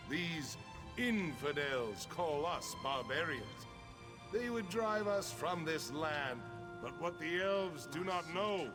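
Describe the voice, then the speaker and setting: Give this a stern older desert king and proud father. He speaks in slow, measured, grand declarations, each phrase drawn out for weight. Game music swells clearly behind him. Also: a little high. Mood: rousing. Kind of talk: video game voice acting.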